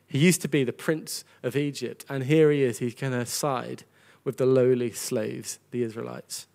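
A man's voice: mid-range voice, fairly even intonation, moderate pace, gravelly, a little mellow. A man preaching a sermon to a congregation, earnest and conversational, often repeating words as he goes. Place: church gathering with a congregation.

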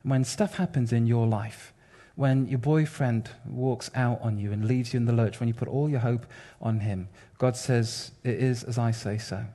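A man preaching a sermon in an animated, wry, conversational way, addressing his congregation. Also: medium pitch, normal speed.

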